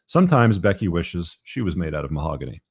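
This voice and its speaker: A very low-voiced man hosts a live podcast show, reading passages from his book. He breaks off into rambling, tongue-in-cheek asides full of "um" and "you know". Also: sing-song, fast talker, darkish tone, husky, no echo, clean studio sound. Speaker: podcast host.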